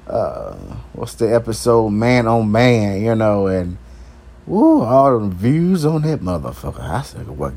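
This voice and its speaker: A man's voice: mid-range voice, a little mellow. A male talk show host rambling through an unscripted solo monologue, crude and profane, chuckling between his remarks.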